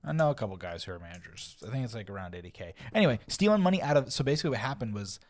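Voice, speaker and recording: A man's voice: on the low side, very animated, rapid-fire. A man chatting casually on a podcast, swearing offhandedly. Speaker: podcast co-host. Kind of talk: casual chat.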